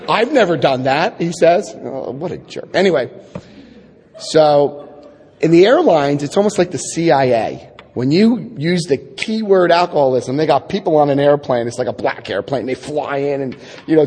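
A middle-aged man giving a personal testimony talk to an audience, an animated storyteller who acts out quotes and adds wry asides. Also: on the high side, moderate pace, slightly rough. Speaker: speaker telling his recovery story. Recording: echoey hall.

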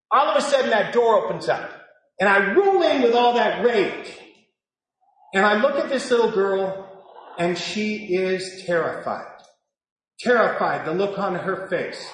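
A man giving a confessional recovery testimony, acting out his own shouting and hushed prayers as he tells it. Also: high voice. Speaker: recovery speaker. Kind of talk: personal testimony talk. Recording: very echoey hall with faint noise.

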